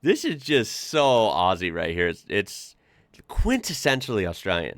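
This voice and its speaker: A man's voice: on the low side, huge pitch swings, a little slow, fairly bright tone, no echo, studio quality. A man hosting a casual reaction video, chatting with lots of fillers and laughing often.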